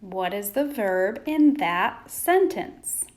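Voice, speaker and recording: A woman teaching a phonics lesson to young children, pausing for answers and praising them. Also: medium pitch, expressive, darkish tone. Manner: slow, patient, prompting pauses for answers.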